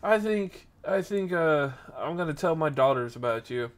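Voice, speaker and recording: A man's voice: on the high side, lively intonation, normal speed, close to an everyday voice. A man putting on the voice of an older male customer, a pushy father. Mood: eager.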